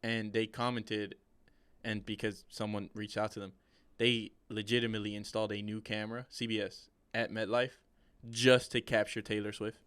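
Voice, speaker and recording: A young man in easy sports banter, laid-back and slangy. His voice is lowish but bright and clean, with a smooth, crisp edge. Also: level tone, moderate pace. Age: young adult. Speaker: podcast co-host, communications student. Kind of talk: casual sports chat.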